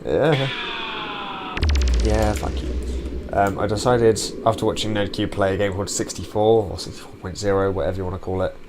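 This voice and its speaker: A young man hosting his own gaming channel, rambling chattily while playing and shouting curses at the game. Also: fairly low pitch, steady tone, fast, few pauses, background noise. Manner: swears and yells at the game; chatty and rambling between outbursts. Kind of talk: gameplay commentary.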